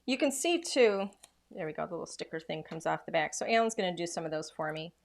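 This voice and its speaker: A woman's voice: on the low side, expressive, quick pace, gravelly. A woman demonstrating craft products in a casual, chatty way, full of enthusiasm and filler words.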